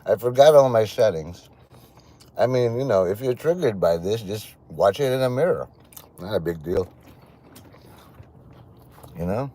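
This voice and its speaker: A man's voice: lowish voice, measured pace, long pauses. A man chatting casually and joking as he rambles through a livestream. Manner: rambling, joking, lively intonation. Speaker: livestream host.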